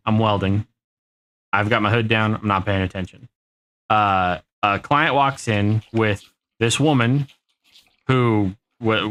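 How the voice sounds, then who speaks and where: A man's voice: on the low side, a bit bright. An American man chatting casually on a live stream while playing a game, rambling through an anecdote and swearing freely. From United States.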